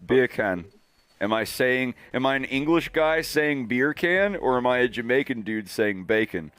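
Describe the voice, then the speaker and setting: A male streamer chatting casually on a live stream, who laughs often and bursts into loud, excited mimicry. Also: mid-range voice, a little slow, clean tone, no echo.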